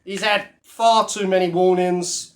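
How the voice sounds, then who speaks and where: A man ranting to camera in a blunt, mocking way. His voice sits high for a man, and he is slightly out of breath after a workout. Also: fairly even intonation, measured pace. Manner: blunt, mocking, addresses viewers as mate. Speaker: vlogger. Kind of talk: casual talking-to-camera rant.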